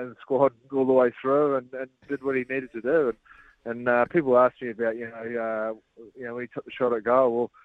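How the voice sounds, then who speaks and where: A middle-aged man, talking in a relaxed, hesitant way with many fillers as a guest on a radio show. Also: mid-range voice, dry recording. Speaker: former rugby captain guest. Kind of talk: casual radio interview. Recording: phone line on radio.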